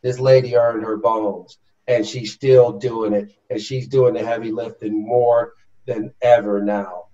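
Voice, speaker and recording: A man hosting an interview, warmly effusive and repetitive, often restarting his phrases. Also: fairly low pitch, steady tone, measured pace. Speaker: host. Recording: slightly dull lo-fi audio.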